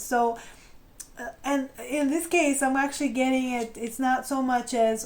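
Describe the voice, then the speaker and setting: A woman giving a tarot card reading in a chatty, animated way, acting out imagined feelings and often laughing or trailing off mid-sentence. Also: sits high, moderate pace. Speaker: tarot reader. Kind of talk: intuitive tarot reading to camera.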